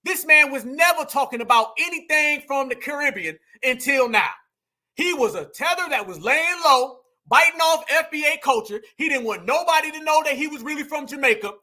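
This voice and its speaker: Fired-up high-voiced male commentator. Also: expressive, normal speed, sharp tone. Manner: emphatic, preachy, repeats lines for punch. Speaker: commentary show host.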